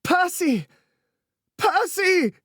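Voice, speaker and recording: A man's voice: sits high, big pitch swings, drawn-out words, husky, no room sound, studio quality, voice pushed up, exaggerated voice. A man voicing a desperate young noblewoman who cries out hysterically for her husband. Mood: hysterical shriek. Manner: shrieking, hysterical.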